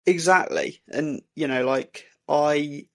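Gravelly man telling a story. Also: fairly high pitch, a bit bright. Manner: halting, many "um"s and restarts. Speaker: podcast co-host. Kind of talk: casual storytelling. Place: indoor recording for podcast.

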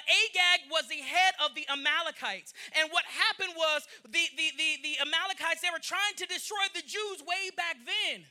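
High, bright-voiced preacher man. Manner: animated, acts out the story in voices, calls to the congregation. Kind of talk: sermon. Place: church in front of a congregation.

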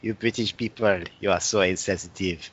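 A man's voice: low voice, fairly even intonation, moderate pace, breathy edge. A man voicing a snooty male French commentator in a put-on French accent, mocking and haughty, on a dull lo-fi recording. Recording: dull lo-fi sound.

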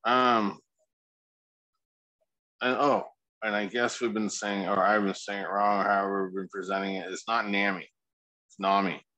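Low-voiced man rambling on a podcast. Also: little pitch movement, normal speed, long pauses, bright, forceful tone, no echo, poor audio. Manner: laid-back, rambling, heavy swearing. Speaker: podcast co-host. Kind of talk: casual podcast chat.

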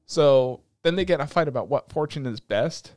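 A man's voice: medium pitch, no room sound, clean studio sound. Profane young man recapping an anime. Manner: profane, animated storytelling with quick put-on voices. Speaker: podcast co-host recapping an anime. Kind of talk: casual chat.

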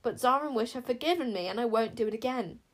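A woman's voice: fairly high pitch, fast, pitched above the performer's own voice, lightly acted. A woman reading an audiobook, voicing an earnest, apologetic young male bodyguard. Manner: eager, calling out loudly. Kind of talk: audiobook character voice.

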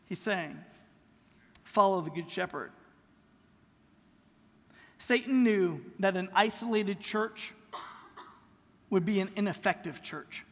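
High-voiced male pastor preaching in a reverberant hall. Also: slow pace, long pauses, a bit bright. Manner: conversational preaching with rhetorical questions. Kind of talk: sermon. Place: church sanctuary. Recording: long reverb in a large hall.

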